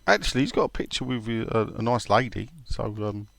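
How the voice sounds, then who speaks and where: A man's voice: fairly low pitch, fairly even intonation, a little fast, creaky, fairly bright tone, no echo. A man co-hosting a casual football podcast, reading listener questions and drifting into laughing anecdotes. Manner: rambling, laughing storyteller.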